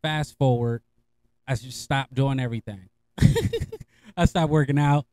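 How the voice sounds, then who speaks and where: A middle-aged man hosts a podcast, spinning casual, profanity-laced stories with lots of laughter and animated energy. His voice sits at a medium pitch, and he talks slowly in a recording with no echo.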